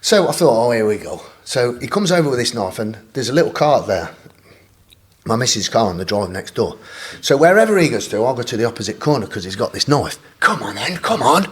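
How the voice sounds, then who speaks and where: Husky excitable man telling a story. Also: mid-range voice, fairly quick. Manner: excitable, laughing, swears freely. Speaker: podcast guest. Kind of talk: animated storytelling. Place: podcast studio.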